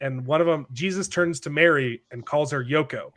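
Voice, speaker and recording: A man's voice: on the high side, moderate pace, a bit bright. A man hosting a podcast in casual chat, rambling and repeating words as he starts his sentences. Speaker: podcast host.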